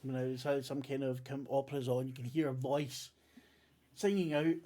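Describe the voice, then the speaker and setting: A man's voice: medium pitch, fairly even intonation, moderate pace, dark tone. A man narrating a tabletop game as game master, rambling with many ums and self-corrections.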